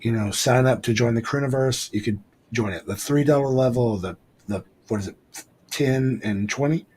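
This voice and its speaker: Guy co-hosting a live stream, mid pitch, lots of ums and uhs, just rambling along casual. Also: moderate pace, darkish tone, a little hiss or hum, low-quality recording. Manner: rambling with many fillers and restarts. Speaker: podcast co-host. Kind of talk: casual livestream chat.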